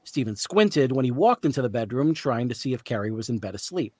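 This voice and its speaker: A man reading the narration of a novel aloud in a measured storytelling way. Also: mid-range voice, lively intonation, a little mellow, dry recording. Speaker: author reading.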